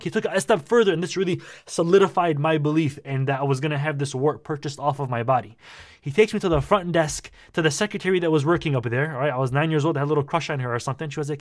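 A young man vlogging, telling a personal story in a casual, animated and slangy way. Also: on the high side, fast. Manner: animated, slangy, says "bro" a lot.

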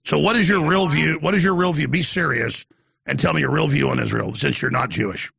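A male talk radio host who presses his callers bluntly and mocks them. His voice is deeply gravelly and husky, and it swings widely in pitch. He is recorded dry and close to the mic. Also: a little fast, sharp tone, no room sound. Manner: blunt, intense, mocking.

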